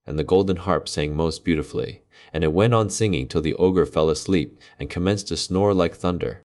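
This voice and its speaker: A man reading a fairy tale aloud in measured, dramatic storybook narration. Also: sits low, darkish tone.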